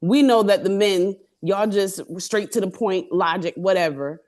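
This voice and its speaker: A woman's voice: mid-range voice, a little slow, a little mellow. A woman on a discussion panel who rambles and restarts as she builds up a long question. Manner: rambling, repeats openings while building a question.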